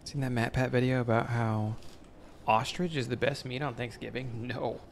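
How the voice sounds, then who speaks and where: A man's voice: medium pitch, steady tone, moderate pace, vocal fry, slight background noise. A man streaming a video game, talking casually and wryly to his friends on a close mic. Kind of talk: casual gaming chat. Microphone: desk mic close up.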